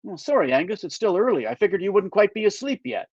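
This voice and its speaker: Man doing earnest eager narrator, slightly pompous, a bit high-pitched, dull dry sound. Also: very animated, fast talker, slightly rough, dry recording, exaggerated voice. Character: nervous eager young-ish man narrator.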